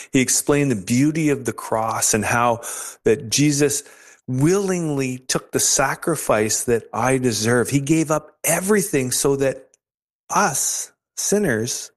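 A man as an interview guest, earnestly telling his personal story of faith with hesitant restarts. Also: on the low side.

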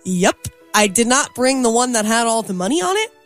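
A woman's voice: a little high, big pitch swings, a little fast, soft background music. A woman co-hosting a radio show, telling a story in casual banter and laughing often. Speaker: radio co-host.

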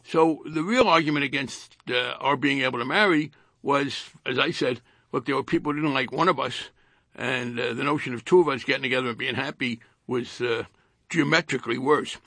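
An older man with a New Jersey accent, a retired congressman in a radio interview, speaking haltingly with dry wit and repeated words. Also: medium pitch, pushed and bright, no echo.

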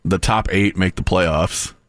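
A man's voice: low voice, steady tone, a little slow, a bit bright, no room sound. A man co-hosting a sports show, teasing his partner in casual chat. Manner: teasing, conversational.

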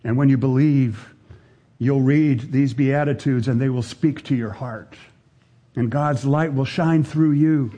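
A man preaches a sermon at a slow, deliberate pace. His voice is mellow and a little husky. He pauses often and sinks to a hush to stress a point. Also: medium pitch, fairly even intonation. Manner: slow, earnest, with pauses and dropping to quiet emphasis.

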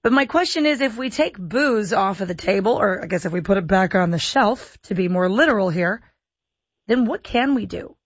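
A woman's voice: medium pitch, animated, moderate pace, slightly rough, dry recording, muffled recording. A woman hosting a talk radio show, chatty and self-deprecating. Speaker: radio host. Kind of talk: casual radio chat.

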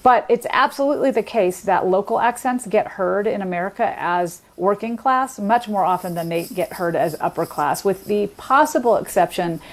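A woman speaking as a linguist guest, explaining in a measured conversational way with the odd filler. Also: medium pitch.

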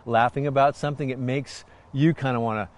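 A man's voice: medium pitch, steady tone. A man co-hosting a casual Christian chat show with his wife, playful and joking. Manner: joking, playful, reads scripture slowly. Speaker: co-host.

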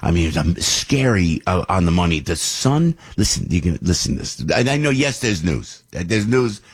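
An older man hosting a radio show, telling a story in a rambling, animated way. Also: low-pitched, moderate pace, breathy edge. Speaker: radio host. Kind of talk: casual radio monologue.

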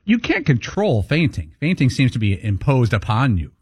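A man's voice: mid-range voice, sing-song, moderate pace, darkish tone, slightly rough, no echo. A man co-hosting a sports radio show, bantering wryly with the host. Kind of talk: casual radio show chat.

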